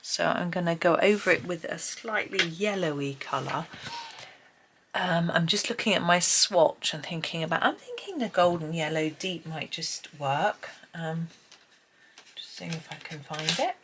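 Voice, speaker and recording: Lady chatting through a colouring video at her desk, kinda low voice, lots of ums, faint hiss behind. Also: animated, a little slow. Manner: thinks aloud while working, chatty and hesitant. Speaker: colouring channel host. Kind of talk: casual colouring tutorial chat. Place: home, at a desk with a tripod camera. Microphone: camera on a tripod.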